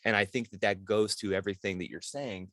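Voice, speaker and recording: A man's voice: fairly low pitch, fairly even intonation, a little fast, a bit bright, no echo, studio quality. A man hosting a podcast, talking casually and eagerly with his guest and reading a passage aloud from a book sleeve. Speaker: podcast host. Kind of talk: podcast interview.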